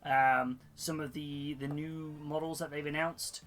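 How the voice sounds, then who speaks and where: Man, hobby streamer: bright, slightly high voice, loose rambling chat. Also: level tone, a little slow. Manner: rambling and chatty, with many fillers and restarts. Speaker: hobby streamer and model kit seller. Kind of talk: casual live-stream chat while building models.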